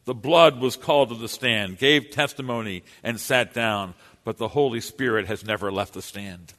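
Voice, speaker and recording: A man's voice: mid-range voice, normal speed, a bit bright. A man preaching a sermon in an earnest, emphatic way, his voice rising and falling for emphasis. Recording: long hall reverb.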